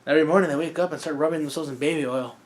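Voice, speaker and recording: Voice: mid-range voice, fairly even intonation, rapid-fire. A reaction video host giving casual, joking commentary while watching an anime episode, thinking aloud with fillers and asides.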